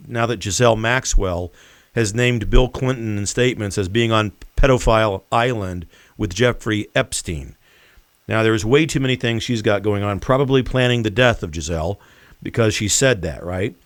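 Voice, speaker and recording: A man hosting a political commentary show, speaking in an emphatic, deliberate and mocking way. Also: lowish voice, fairly bright tone, no room sound. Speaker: host.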